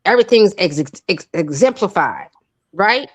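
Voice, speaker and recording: A woman panelist in a casual chat, speaking in a measured, questioning way and searching for words. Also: mid-range voice, animated, slightly rough.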